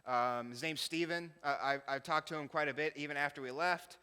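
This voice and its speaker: In a church hall with long, ringing reverb, a missionary pastor chats his way through slides at a brisk clip, laughing and poking fun at himself. His bright, forceful voice is smooth and resonant, a touch high for a man, with fairly even intonation.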